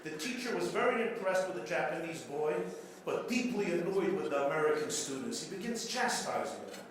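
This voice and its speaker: A rabbi with a fairly high, sing-song voice gives an after-dinner keynote a little fast, telling stories laced with jokes and repeating phrases for dramatic effect. He speaks in a large banquet hall, and the recording is very echoey with faint room noise.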